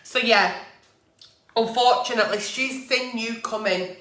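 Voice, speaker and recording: A woman's voice: fairly high pitch, unhurried, fairly bright tone, roomy sound. A woman vlogger answering advice letters at her table, blunt and heavily profane, ranting in a fired-up way. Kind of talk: casual advice rant. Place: at a table at home. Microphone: camera mic.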